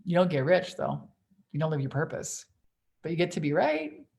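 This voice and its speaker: Profane, fiery woman coach, lowish voice. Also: moderate pace, creaky. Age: 40s. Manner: profane, emphatic, animated. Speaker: business coach. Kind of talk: livestream Q&A.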